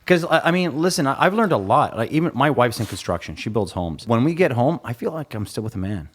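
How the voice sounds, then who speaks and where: A man's voice: medium pitch, very animated, fast, breathy edge. A man hosting a podcast, asking questions and chiming in emphatically. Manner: emphatic, encouraging interviewer. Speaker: podcast host. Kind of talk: casual podcast interview.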